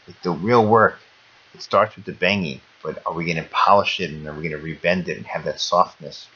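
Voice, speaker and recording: A man's voice: low-pitched, fairly quick, bright, forceful tone, slightly rough, dull audio. A man giving a short holiday sermon, telling a parable and repeating phrases for emphasis. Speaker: religious speaker.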